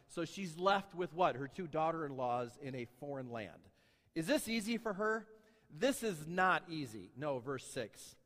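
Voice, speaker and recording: A man preaching a sermon in a church, reading scripture aloud and asking his congregation lively rhetorical questions. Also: on the high side, long reverb tail. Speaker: pastor.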